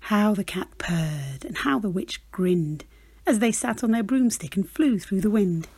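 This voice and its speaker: A woman reading a rhyming children's picture book aloud, with a rhythmic, expressive delivery. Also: medium pitch, a little slow, breathy edge, no room sound. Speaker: storyteller.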